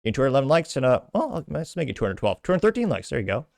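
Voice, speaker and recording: A man hosting a commentary show, reading posts aloud in a casual, self-deprecating way and tripping over words and restarting often. His pitch is ordinary for a man, and the sound is dry and close with no room echo. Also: sing-song, very fast, vocal fry, a little mellow. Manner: stumbling, self-mocking, many restarts. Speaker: show host.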